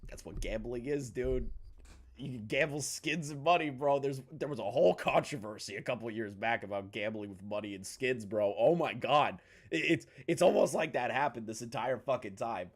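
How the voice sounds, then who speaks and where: A man's voice: medium pitch, moderate pace. A man giving profane, mocking reaction commentary on streamer drama, ranting heatedly at the people he covers. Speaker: commentary YouTuber.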